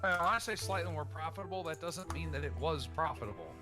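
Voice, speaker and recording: Lively wry man on a podcast. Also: a little high, fast talker, over music. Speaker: podcast co-host. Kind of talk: casual chat.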